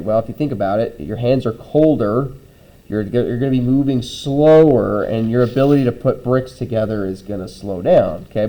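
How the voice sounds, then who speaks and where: A man's voice: mid-range voice, lo-fi sound. A man teaching a class, walking students through a hands-on lab in a conversational way, often checking in with "okay?" between steps. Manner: conversational, frequent "okay?" check-ins and "um" fillers.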